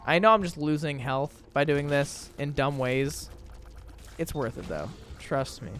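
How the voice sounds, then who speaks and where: Lively young man rambling over gameplay. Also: fairly high pitch, a little slow, slight background noise. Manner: chatty, rambling, animated, exaggerated indignation. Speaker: gaming video creator. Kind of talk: casual gameplay commentary.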